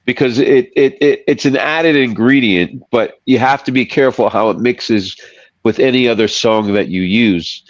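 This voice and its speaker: A man's voice: mid-range voice, normal speed, no echo. Chatty man, dry muffled sound. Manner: rambling, chatty, laughs often, loses his thread. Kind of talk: casual podcast chat.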